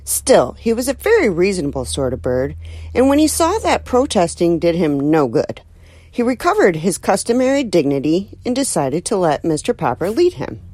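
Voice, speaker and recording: Brief: woman storyteller, very lively intonation, dry close sound, expressive audiobook narration. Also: on the low side, moderate pace, no room sound. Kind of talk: audiobook reading of a children's novel.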